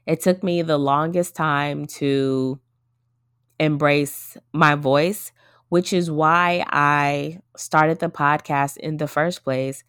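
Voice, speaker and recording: Woman, 30s, solo podcast host; low register, dry close recording, earnest and reflective, chatty with her listeners. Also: fairly even intonation, slow pace, fairly bright tone, clear, resonant tone, no echo. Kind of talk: casual solo podcast talk.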